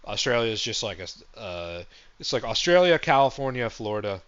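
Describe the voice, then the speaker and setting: A man with a fairly low voice riffs through a loose, sarcastic comedic monologue as a stream host. His deadpan jokes pile up in a rambling way over dull, lo-fi audio. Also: a little fast, clean tone.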